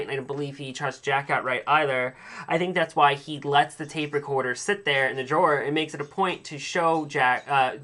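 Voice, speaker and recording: Recapping a TV episode on his casual solo podcast, this male host speaks in a fairly high, slightly bright voice. His delivery is chatty and opinionated, wandering along with plenty of fillers and restarts.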